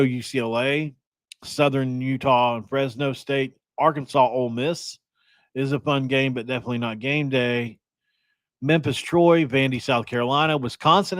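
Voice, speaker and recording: A young man from West Virginia talks through a sports podcast with loose, rambling chatter and self-deprecating jokes. His voice sits at a middle pitch and is recorded close and dry, with no room sound. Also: no room sound. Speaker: podcast host. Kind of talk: casual sports podcast chat.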